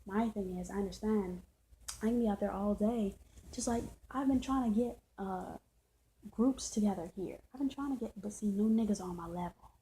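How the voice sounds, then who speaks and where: A woman's voice: medium pitch, normal speed, mellow, a little hiss or hum, rough recording. A woman ranting to camera, heated and preachy, with a lot of swearing and the same points said again and again. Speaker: vlogger. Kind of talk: impassioned rant to camera.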